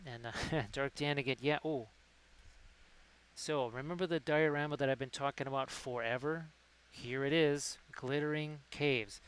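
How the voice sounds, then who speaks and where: A man's voice: fairly high pitch, a bit bright, slight background noise, rough recording. A man hosting a casual livestream who rambles and reads chat messages aloud. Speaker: livestream host. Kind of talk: casual chat while painting.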